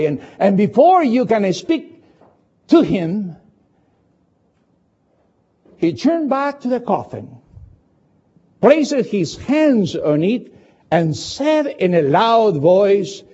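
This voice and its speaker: Dull, lo-fi audio carries a male preacher's high, lively voice, dark and husky in tone. A native English speaker, he retells events slowly and dramatically, his pitch rising and falling as he jumps between booming and hushed sections.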